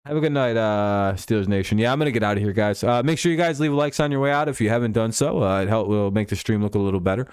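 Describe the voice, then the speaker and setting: Low, smooth-voiced man casually chatting. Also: fast, few pauses, a little mellow, dry recording, studio quality. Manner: loose and joking, swears freely. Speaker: streamer hosting a football talk stream. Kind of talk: casual live-stream chat.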